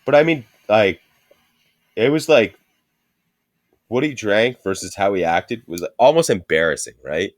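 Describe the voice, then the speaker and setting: A man's voice: lowish voice, lively intonation, unhurried, long pauses, no echo, clean studio sound. A man co-hosting a podcast, telling a rambling, profane story in casual chat and laughing often. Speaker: podcast co-host.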